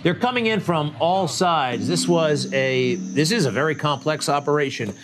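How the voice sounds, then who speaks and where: A man's voice: on the high side, moderate pace, heavy background noise. A man hosting a political commentary show, delivering a blunt, conversational monologue full of rhetorical asides. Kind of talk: opinionated talk show monologue.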